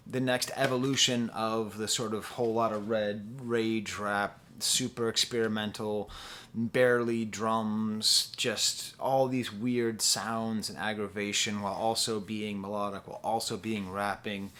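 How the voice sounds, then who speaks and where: A man's voice: lowish voice, level tone, measured pace, fairly bright tone. A young man reviewing music in a casual, rambling and playful way, often saying "like" and singing short bits of songs. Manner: rambling and playful, with lots of "like" and sung snippets.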